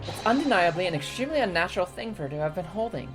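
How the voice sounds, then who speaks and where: A woman reading the lines of an earnest young male defense lawyer in a measured, formal manner, over game music. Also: on the low side, expressive, close to an everyday voice.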